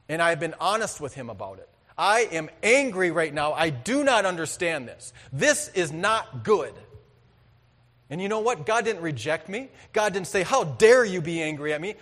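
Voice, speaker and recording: High-voiced preaching man, hall echo. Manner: earnest, conversational preaching with sudden loud bursts. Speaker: pastor. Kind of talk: sermon.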